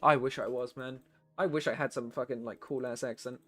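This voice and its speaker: A tired British man chatting casually on a live stream, swearing freely and getting loud and worked up when he rants. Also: mid-range voice, fairly even intonation, fairly quick, faint music behind. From Britain.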